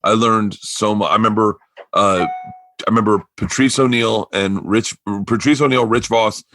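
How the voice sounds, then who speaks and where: A man's voice: fairly low pitch, normal speed, a little hiss or hum. A man from Florida hosting a podcast, telling rambling stories in casual chat and acting out other people's lines. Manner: rambling, animated storyteller who acts out quotes. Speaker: podcast host.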